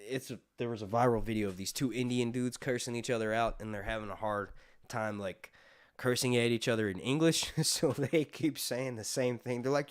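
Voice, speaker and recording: A man's voice: mid-range voice, normal speed. A man hosting a casual live stream chat, rambling loosely, swearing freely and often breaking into laughter. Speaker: YouTube host.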